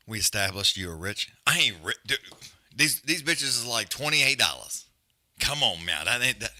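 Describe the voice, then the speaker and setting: A man hosting a live stream with a very bright, forceful voice that swings all over in pitch. He talks loud and profane, trash-talking his co-hosts and calling the fight in loose casual slang. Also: sing-song, moderate pace. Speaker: livestream host.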